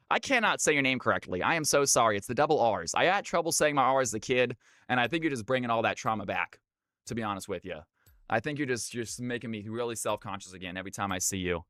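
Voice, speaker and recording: A man's voice: mid-range voice, bright, forceful tone, no room sound, studio quality. A man from California casting a video game match live on stream. He keeps an upbeat, chatty play-by-play going and talks straight to his chat. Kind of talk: live esports play-by-play commentary.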